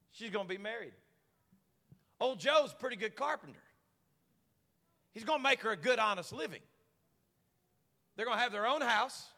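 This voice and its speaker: A man pastor preaching an animated sermon, telling a story with jokes and swinging from hushed asides to loud shouting. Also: high-pitched, gravelly. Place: large church sanctuary. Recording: long church hall reverb.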